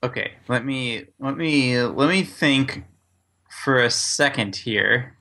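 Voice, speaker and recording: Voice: medium pitch, slow pace, bright, forceful tone. A player in a tabletop game, talking casually and thinking aloud.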